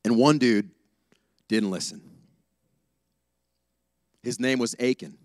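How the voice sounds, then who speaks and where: A man's voice: medium pitch, takes it slowly, dry recording. A young man giving a casual sermon, telling a story with slang and acting out the voices. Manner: animated storytelling, acts out dialogue, slangy. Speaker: pastor.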